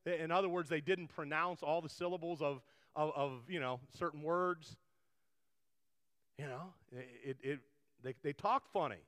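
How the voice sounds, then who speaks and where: A man's voice: on the high side, normal speed, fairly bright tone. A man preaching a conversational sermon, rambling with frequent restarts and asides. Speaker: pastor. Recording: long hall reverb.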